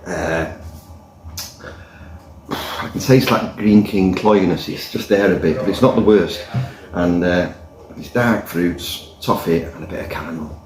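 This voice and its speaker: With a deep, slightly mellow voice, a man reviews a pint unhurriedly and pauses often, rambling and throwing in a joke. He sits indoors by a pub fire, and the recording carries roomy pub echo.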